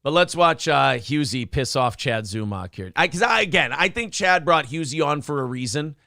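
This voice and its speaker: A man's voice: a little high, moderate pace, vocal fry, no room sound, clean studio sound. A man hosting a morning show podcast, talking casually and mockingly about clips, with plenty of swearing. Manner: animated, profane, mocking. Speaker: podcast host.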